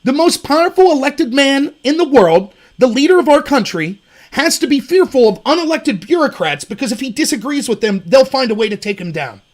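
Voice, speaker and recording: A man hosting a political commentary show, talking in an animated and sarcastic way. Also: very high-pitched, brisk. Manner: animated, sarcastic, mimics opponents mockingly. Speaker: host.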